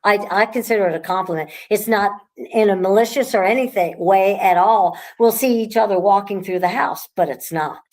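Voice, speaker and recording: A woman who owns a haunted house, chatting casually in a relaxed, rambling way with frequent restarts. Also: medium pitch, normal speed, hardly any pauses. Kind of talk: casual conversation.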